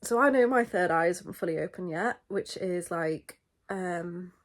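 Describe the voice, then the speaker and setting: A woman's voice: fairly low pitch, unhurried. A young woman talks casually to camera while still in bed. Her voice is a bit stuffy from a recent head cold. She rambles in a friendly way, with plenty of fillers. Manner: chatty and rambling, many fillers. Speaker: vlogger. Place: in bed, indoors.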